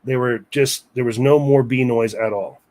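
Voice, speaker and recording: A man's voice: medium pitch, fairly even intonation, normal speed, a little mellow. A man recounting a personal story in a casual interview, rambling with asides to the listener. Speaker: guest storyteller.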